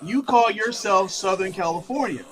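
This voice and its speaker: A man's voice: sits high, moderate pace, a crowd in the background. A man co-hosting a casual sports chat, wry and questioning.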